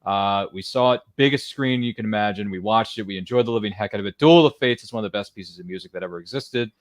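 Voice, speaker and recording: A man in his thirties from Maryland hosting a casual watchalong live stream, excitable and exclamatory with playful asides. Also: fairly low pitch, fast talker, dry recording, clean studio sound. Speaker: livestream watchalong host. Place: home studio.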